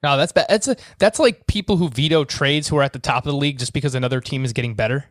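Brisk, matter-of-fact male co-host. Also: medium pitch, dry recording, clean studio sound. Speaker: podcast co-host. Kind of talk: casual chat.

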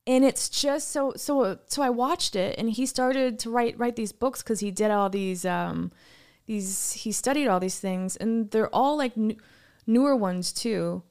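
A woman's voice: fairly high pitch, unhurried, a little mellow, smooth. A woman chatting casually as a podcast co-host, rambling with many fillers, restarts and casual swearing. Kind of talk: casual chat.

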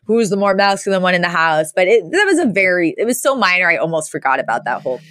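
A woman co-hosting a podcast, recapping a sitcom episode in a lively, laughing way and acting out the characters' lines. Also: lowish voice, quick pace, dry recording, studio quality. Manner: animated storyteller who acts out quotes, laughs often. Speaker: podcast co-host.

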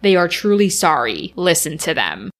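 A woman co-hosting a podcast, retelling a film's plot in casual, animated chat with lots of "like" fillers. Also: deep voice, moderate pace. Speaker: podcast co-host. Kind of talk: casual film recap chat.

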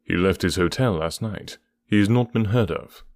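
A man voicing a brisk, sharp-witted male detective with a measured, probing, dryly ironic delivery. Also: deep voice, no room sound.

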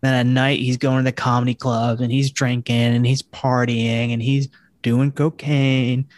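A man's voice: mid-range voice, flat delivery, normal speed, dry recording. A man co-hosting a casual podcast chat, laughing easily and poking fun at himself. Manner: laughs easily, self-deprecating. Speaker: podcast co-host.

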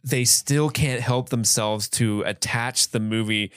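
A man co-hosting a podcast, playful and quick to laugh, with halting fillers as he talks about a movie. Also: medium pitch, fairly bright tone, clean tone, no echo, clean studio sound. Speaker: podcast co-host. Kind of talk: casual movie review chat.

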